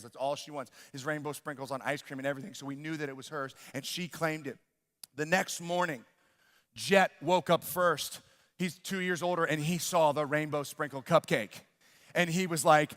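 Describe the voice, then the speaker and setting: Man, pastor, sermon, high-pitched, expressive storyteller, long hall reverb. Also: a little fast. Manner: animated storyteller, acts out his children's voices, bursts into loud exclamations. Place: church sanctuary.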